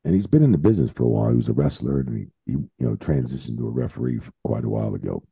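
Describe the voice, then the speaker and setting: A man guesting on a podcast, telling road stories in a casual, profane, animated way. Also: very deep voice, racing, gravelly, slightly rough, no echo. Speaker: guest, veteran wrestling referee.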